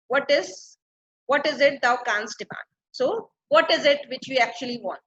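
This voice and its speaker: High bright-voiced woman teacher. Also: moderate pace. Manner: reads the old verse, then paraphrases it in plain words. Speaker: English literature teacher. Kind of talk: line-by-line explanation of a play. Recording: dull lo-fi recording.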